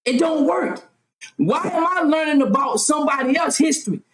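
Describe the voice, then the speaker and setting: High-voiced woman ranting in an echoey room. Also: animated, normal speed, background noise. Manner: fervent, rhetorical questions, at times yelling; swears freely. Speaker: vlogger. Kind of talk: impassioned monologue. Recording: roomy echo.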